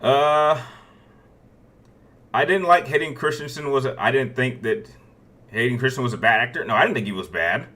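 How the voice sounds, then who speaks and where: A man in his thirties hosts a relaxed Q&A, answering viewer questions one after another. His voice is bright and forward, and he often restarts his sentences as he thinks aloud. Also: medium pitch, moderate pace, pauses often. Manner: rambling, many restarts, chuckles between answers. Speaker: YouTube Q&A host.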